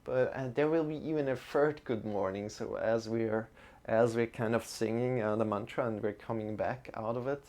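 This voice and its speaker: A man teaching a yoga and mantra lesson in a gentle, encouraging way, often restarting his words. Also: mid-range voice, fairly even intonation, normal speed.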